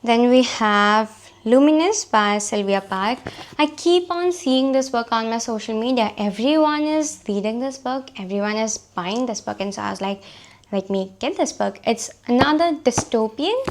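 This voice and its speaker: Woman book vlogger, slightly high voice, hoarse from a cold, chatty and self-mocking. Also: normal speed. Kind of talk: casual chat about books.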